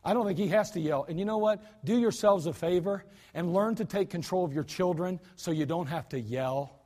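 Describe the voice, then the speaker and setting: A high-voiced man preaching a sermon in a church sanctuary. He keeps a conversational tone, sinks to near-quiet lines, then bursts into shouts to make a point. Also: normal speed. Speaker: pastor.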